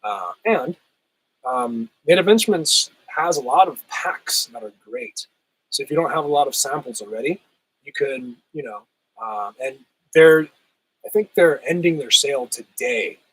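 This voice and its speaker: A man hosting a casual livestream, reading chat and answering viewers, his voice still rough as he recovers from a cold. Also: mid-range voice, expressive, moderate pace, low-quality recording. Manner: laid-back, chatty, laughs often, says "hell yeah".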